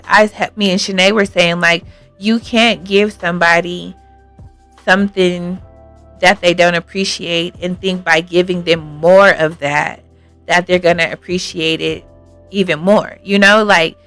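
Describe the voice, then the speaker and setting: A woman's voice: on the low side, fairly even intonation, a little slow, fairly bright tone, faint music behind. Earnest woman hosting an advice show. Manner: earnest, thinks aloud with many fillers. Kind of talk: casual advice talk, reading viewer comments.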